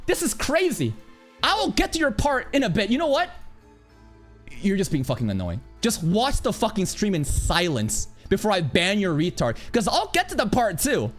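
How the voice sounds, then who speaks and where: A man streaming an angry rant, aggressive and profane, speaking in a rapid, assertive way. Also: high-pitched, huge pitch swings, faint music behind.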